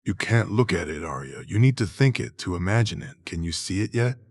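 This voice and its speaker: A patient young teacher of magic in a fantasy audiobook coaxes his pupils along, read by a man. The voice is low and husky, calm and instructive, recorded dry and close. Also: fairly quick, no echo. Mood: coaxing.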